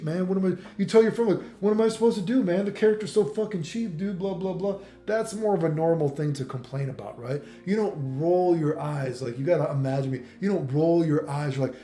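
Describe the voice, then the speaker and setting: Rambling man with a higher voice. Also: mellow. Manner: rambling, profane, many "you know what I mean". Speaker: fighting game video host. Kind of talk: casual monologue. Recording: echoey room with faint music.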